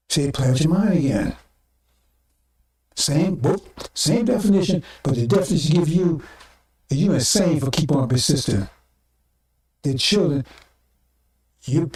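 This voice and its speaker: Preacher man, blunt and salty, kinda high voice, mellow, keeps hammering the same point. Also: reverberant, distant mic. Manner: blunt, profane and repetitive, addressing the congregation. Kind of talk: sermon.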